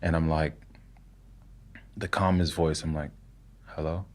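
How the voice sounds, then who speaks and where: A young man with a very low, deep voice tells a story as a podcast guest. He speaks casually and haltingly. He keeps restarting his sentences and filling them with "like". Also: flat delivery, a little mellow. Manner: halting, full of "like" and repeated words.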